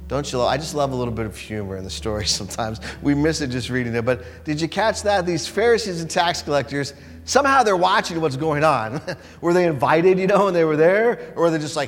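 A man preaching a sermon in a conversational, animated way, often asking the listeners questions. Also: on the high side, fairly quick. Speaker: pastor. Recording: long hall reverb, faint hum.

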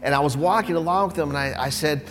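A man preaching a sermon in a conversational, animated way, often asking the listeners questions. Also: a little high, fast talker, soft background music. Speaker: pastor. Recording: long hall reverb, faint hum.

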